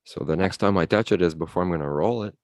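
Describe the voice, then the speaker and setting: A man's voice: low-pitched, quick pace, darkish tone, no room sound, studio quality. A man from Ottawa with a slight French Canadian accent, chatting casually and rambling as a guest on a live stream over a video call. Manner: rambling, repeats words, laid-back. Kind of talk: casual chat.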